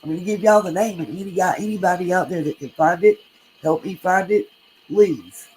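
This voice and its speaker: A woman's voice: on the low side, quick pace, a little mellow, poor audio. A woman hosting a true crime livestream, chatting casually, reading comments and thanking viewers by name.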